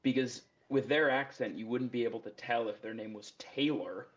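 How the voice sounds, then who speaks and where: A man's voice: mid-range voice, normal speed, lo-fi sound. A man on a call joining a livestream, asking teasing, playful questions in casual chat.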